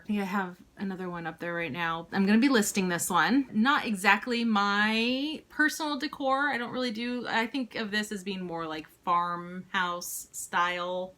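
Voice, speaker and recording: A woman in her thirties chatting casually through a thrift haul, rambling with quick asides and little jokes at her own expense. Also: medium pitch, bright, forceful tone. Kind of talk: casual chat.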